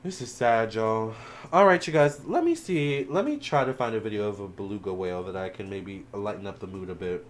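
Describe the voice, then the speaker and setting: A man's voice: on the low side, animated, a little fast, a little hiss or hum. A man giving a casual tarot reading to viewers, chatty and emotional, calling them y'all and child, teary-eyed toward the end. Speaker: tarot reader.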